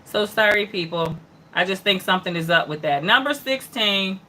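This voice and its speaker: A woman's voice: medium pitch, lively intonation, normal speed, bright, forceful tone, a little hiss or hum. A woman hosting an online news hour, reading headlines aloud and reacting in a loose, chatty way, with lots of mm-hmms and asides to viewers. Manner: greets and answers viewers by name. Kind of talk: casual livestream headline commentary.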